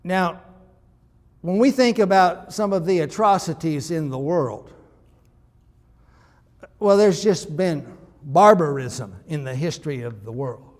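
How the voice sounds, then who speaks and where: Male pastor, sermon delivery, conversational but emphatic, higher-pitched voice, echoing sanctuary. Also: lively intonation, unhurried, long pauses, a little mellow. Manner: conversational, emphatic, with frequent restarts.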